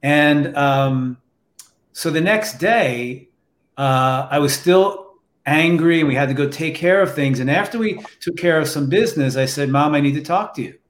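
A man telling a personal story in a slow, reflective, emotional way, with restarts, in casual conversation. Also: a little high. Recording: roomy echo.

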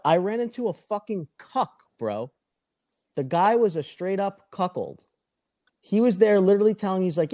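This young adult man's voice is on the high side and brisk as he relates a rambling, profane story in casual podcast chat. He performs the other people's lines in an animated retelling.

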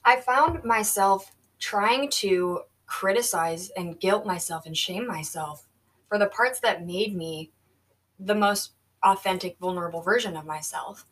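A woman hosts her own podcast in a solo monologue, speaking earnestly and reflectively as she coaches herself. Her voice sits at a middle pitch. She sounds a little away from the microphone. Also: measured pace, fairly bright tone, distant mic, rough recording. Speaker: podcast host.

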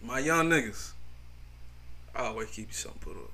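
A man with a Southern US accent, co-hosting a casual podcast, reading listener posts aloud and riffing on them in profane, animated talk. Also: mid-range voice, fairly quick, crowd noise. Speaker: podcast co-host.

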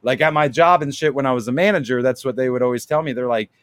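A man's voice: mid-range voice, quick pace, smooth, no room sound. A man talking animatedly as a podcast guest, rambling with lots of fillers and swearing. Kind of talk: casual podcast chat.

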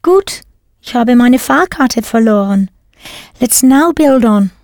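A woman's voice: fairly high pitch, animated, slow pace, a little mellow, no room sound, studio quality. A woman narrating a scripted audio language lesson, patiently prompting the learner and then confirming each answer. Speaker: language teacher.

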